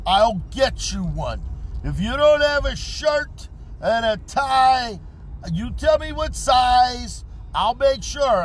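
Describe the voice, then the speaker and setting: A man's voice: extremely high pitch, a bit bright, a little hiss or hum. A man in his fifties hosting a live stream outdoors, talking in a brash, swaggering, repetitive way. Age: 50s. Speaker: livestream host. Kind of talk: boastful live-stream monologue.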